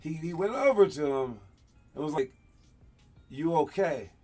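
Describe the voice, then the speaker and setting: A man hosting a basketball show, talking casually over game clips and coaching young players in an animated, rambling way with frequent laughs. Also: fairly high pitch, normal speed, soft background music.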